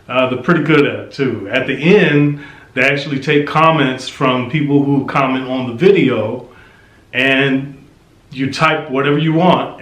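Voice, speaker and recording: A man's voice: mid-range voice, a bit bright, roomy sound. A man hosting his own reaction video, chatting casually and rambling, correcting himself as he goes. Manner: rambling, self-correcting, joking. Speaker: reaction youtuber. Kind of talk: casual vlog chat.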